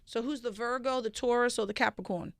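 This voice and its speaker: A woman guest on a radio show, talking in a streetwise, slangy, animated way about her work as a psychic medium. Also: on the high side, brisk, vocal fry, no room sound. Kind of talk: casual radio chat. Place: radio studio.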